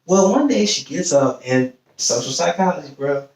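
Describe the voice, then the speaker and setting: A man's voice: a little high, moderate pace. A young man hosting a podcast, telling a long personal story casually and acting out the voices of the people in it. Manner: animated storyteller, acts out quoted voices. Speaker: podcast host. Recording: echoey room, distant mic.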